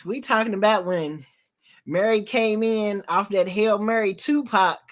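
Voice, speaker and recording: A woman's voice: medium pitch, a little slow. A woman, telling a TV episode's plot in casual chat and acting out the quotes. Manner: animated storytelling, acts out quotes, swears freely. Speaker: host.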